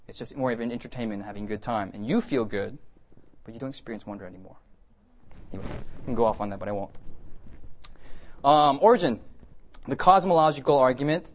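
A man giving a conversational sermon lecture with slides, lively and often checking in with his listeners. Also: mid-range voice, fast, pauses often, dull audio. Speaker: preacher teaching a class.

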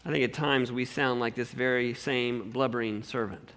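A man preaching a sermon in an animated way, swinging between loud emphasis and hushed asides. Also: medium pitch, normal speed, few pauses. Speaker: pastor.

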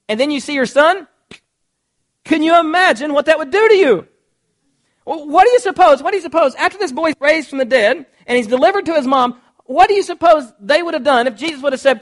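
Animated high-voiced male preacher. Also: fairly quick. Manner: animated, conversational, acts out quotes. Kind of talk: sermon with scripture reading.

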